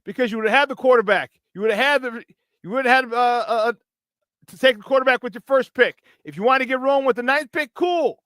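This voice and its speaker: A man's voice: very high voice, quick pace, a bit bright, no echo. A man hosting sports talk radio, ranting in frustration, swearing and mocking others in put-on voices. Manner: frustrated, profane, mocking impressions. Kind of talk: heated sports talk rant.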